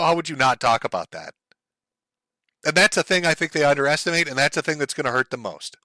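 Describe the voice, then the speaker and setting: A man's voice: on the high side, bright, forceful tone, no room sound. A man hosting a livestream, ranting in a heated, profane and sarcastic way about current events. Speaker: streamer host.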